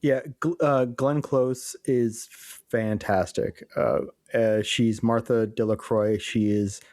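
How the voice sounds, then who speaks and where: A man's voice: medium pitch, steady tone, takes it slowly, a little mellow, no echo, clean studio sound. A young adult man co-hosting a podcast, giving film opinions in an easygoing way with hesitant fillers. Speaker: podcast co-host. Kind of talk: casual film review chat.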